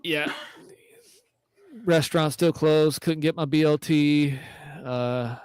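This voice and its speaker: A man's voice: fairly high pitch, steady tone, slow pace, a little mellow, clear, resonant tone, no echo, low-quality recording. A married man co-hosting a hunting podcast, telling a rambling story with restarts. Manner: rambling, self-correcting. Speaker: podcast co-host.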